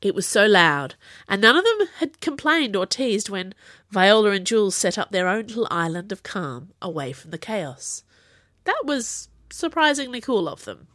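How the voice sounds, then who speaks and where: A woman narrating her own serialised fiction as a podcast, with an animated, expressive delivery. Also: medium pitch, normal speed, no echo, clean studio sound.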